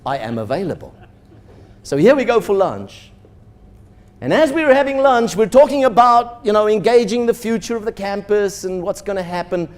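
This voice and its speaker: A man's voice: sits high, animated, normal speed. A man, a pastor, telling a story in a sermon and acting out the dialogue with animation. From South Africa.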